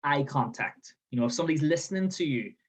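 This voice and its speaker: A Northern Irish man with a slightly high voice and lively intonation presents a training webinar at a quick pace, explaining things step by step and often checking in with an "okay?". He's outdoors in the sun, and the recording is low quality.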